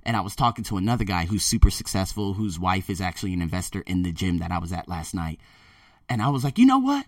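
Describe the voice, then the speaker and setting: A man talking casually to his viewers, emphatic and animated, often repeating himself. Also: deep voice, fast, dry recording, studio quality, far from the mic. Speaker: vlogger. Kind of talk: casual monologue to camera. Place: Thailand.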